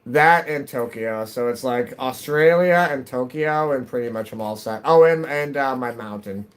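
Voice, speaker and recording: A man's voice: medium pitch, moderate pace, smooth. Brief: middle-aged male game streamer, rambly chatty talk, slightly stuffy nose, mid-range voice. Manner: rambling, self-interrupting, chatty. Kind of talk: casual chat while gaming. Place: at home.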